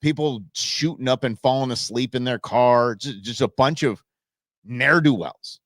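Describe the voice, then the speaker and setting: A man's voice: mid-range voice, a little slow, dry recording, clean studio sound. A man who grew up in Southern California and Arizona, hosting a live show and telling a rambling neighborhood story full of folksy sayings. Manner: rambling, animated anecdote with folksy idioms. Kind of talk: casual storytelling on a live stream.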